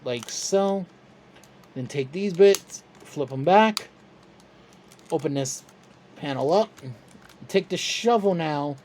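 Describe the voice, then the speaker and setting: A toy reviewer talking through a step-by-step tutorial in a relaxed, chatty, self-deprecating way. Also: medium pitch, takes it slowly, long pauses, slight background noise.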